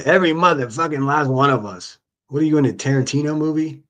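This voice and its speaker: A man's voice: a little high, fast, a bit bright. A man hosting a live stream, who reacts to clips with profane, exasperated rants. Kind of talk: casual ranting commentary.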